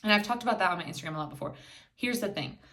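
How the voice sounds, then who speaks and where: A woman's voice: on the low side, lively intonation, racing, sharp tone. A young woman hosting a solo podcast, talking candidly and bluntly, swearing freely and acting out quoted voices, filming herself indoors. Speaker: podcast host.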